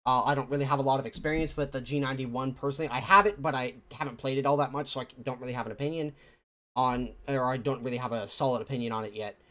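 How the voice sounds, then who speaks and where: A man's voice: mid-range voice, fast, pushed and bright. A man sharing his views on a gaming podcast. He is opinionated but hesitant, with many ums and restarts. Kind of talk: casual gaming podcast chat.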